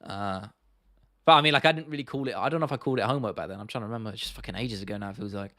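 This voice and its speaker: A man's voice: on the low side, rapid-fire, a bit bright, no echo, studio quality. Young British man, casual swearing chat. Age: 20s. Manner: rambling, swears freely, answers viewer comments. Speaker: livestream host.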